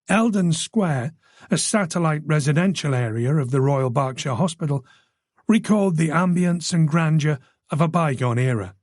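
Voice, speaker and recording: Guy reading a thriller audiobook, steady storytelling, bit higher voice, dead dry sound. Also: dry recording. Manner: measured, even storytelling. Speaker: audiobook narrator. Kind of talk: scripted thriller narration.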